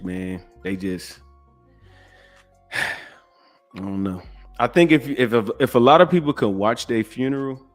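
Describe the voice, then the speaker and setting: A man in his forties hosting a podcast, ranting bluntly and profanely, jumping from loud outbursts to low, sighing asides. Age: 40s. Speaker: podcast host. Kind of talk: ranting commentary.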